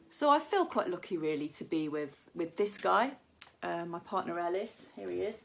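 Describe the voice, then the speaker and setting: Lady doing a standup set online, lowish voice, chatty stories. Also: animated, normal speed, creaky. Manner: chatty storytelling, acts out quoted voices. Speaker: stand-up comedian.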